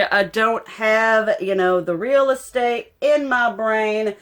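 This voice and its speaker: Slow-talking young woman vlogger. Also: a little high, steady tone, fairly bright tone, clean tone. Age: young adult. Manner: emotional, rambling, heartfelt. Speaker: beauty vlogger. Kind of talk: casual get-ready-with-me chat.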